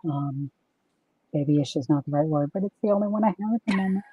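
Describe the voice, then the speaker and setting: A woman's voice: deep voice, brisk, mellow, husky, no room sound, dull audio. Chatty woman hosting a livestream. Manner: chatty, self-deprecating. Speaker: event host. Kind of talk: casual livestream chat.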